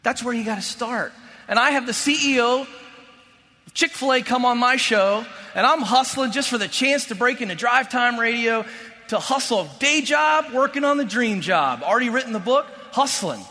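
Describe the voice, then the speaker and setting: A man in his late thirties giving an emphatic faith-based motivational talk to an audience, repeating key lines and dropping from loud to hushed. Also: very high-pitched. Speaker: motivational speaker. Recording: long hall reverb.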